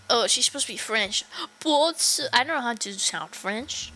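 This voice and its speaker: A woman's voice: on the high side, lively intonation, moderate pace, hardly any pauses, bright, forceful tone. A woman from Canada, a streamer giving casual gameplay commentary in a blunt, joking way with swearing.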